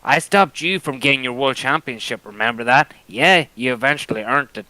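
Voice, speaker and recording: A man's voice: medium pitch, a little fast, sharp tone, no echo, rough recording. A man cutting a taunting wrestling promo, mocking his opponents and swearing often. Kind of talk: trash-talking wrestling promo.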